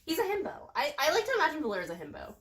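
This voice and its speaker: A woman's voice: high-pitched, wildly swooping pitch, very fast. A young adult woman chatting casually as a guest, bubbly and joking, swearing freely. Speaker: guest reviewer. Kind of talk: casual chat.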